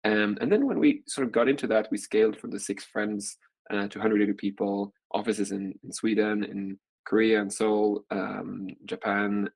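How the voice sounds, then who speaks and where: A man's voice: fairly low pitch, steady tone, normal speed, creaky, a little mellow. A man in his forties, a venture capital partner, telling a long story in a casual interview, rambling with lots of "like" fillers.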